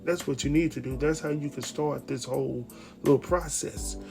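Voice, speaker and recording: A man's voice: mid-range voice, steady tone, moderate pace, creaky, over music. A man with recapping a TV episode in casual commentary, acting out the quotes and laughing often. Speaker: TV recap host.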